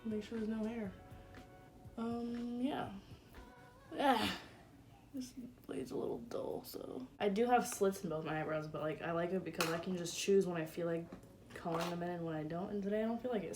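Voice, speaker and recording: A woman's voice: mid-range voice, fairly even intonation, fairly quick, darkish tone, soft background music. A woman in her twenties chatting casually and crudely through her makeup routine at home, with a lot of "like". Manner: chatty, crude, fillers of "like" everywhere. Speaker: beauty vlogger. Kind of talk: casual get-ready-with-me chat. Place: room at home.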